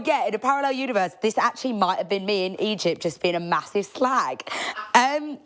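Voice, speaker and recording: Lively, cheeky woman. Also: on the low side. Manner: animated, chatty, cheeky, laughs often. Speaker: podcast host. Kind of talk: casual storytelling monologue.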